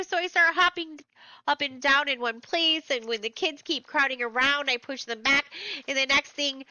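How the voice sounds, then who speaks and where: Woman narrator for a young-reader audiobook; bright, slightly high, close and dry. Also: no echo, poor audio. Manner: plain, conversational storytelling. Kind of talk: first-person novel narration.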